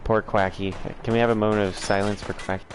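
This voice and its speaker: A man's voice: fairly low pitch, level tone, fast talker, a little hiss or hum. A man from the States, hosting a livestream and chatting with viewers in a rambling, frank way full of fillers. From southern United States. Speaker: livestream host. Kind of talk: casual chat answering viewers.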